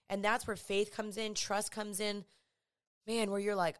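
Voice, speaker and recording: A woman's voice: mid-range voice, little pitch movement, measured pace, smooth. A woman giving a casual devotional talk. She speaks earnestly and conversationally and tells vivid stories. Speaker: Christian speaker.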